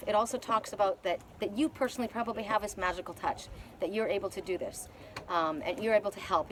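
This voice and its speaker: Fast-talking older woman reading oracle cards. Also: mid-range voice, slight background noise. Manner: earnest, rambling, repeats words and restarts often. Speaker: oracle card reader. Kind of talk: spiritual card reading, casual monologue.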